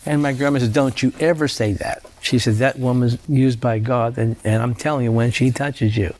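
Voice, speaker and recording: A man's voice: mid-range voice, fairly even intonation, normal speed, darkish tone, a little hiss or hum. A man giving a personal testimony in an interview, telling it as a conversational storyteller who often repeats his words. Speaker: faith healer telling his story as a guest.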